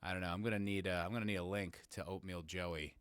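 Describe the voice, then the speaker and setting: A man's voice: low-pitched, fairly even intonation, quick pace, a bit bright, smooth, dry recording. A man hosting his podcast as a casual live-stream chat, rambling and joking and greeting chat viewers by name. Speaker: podcast host.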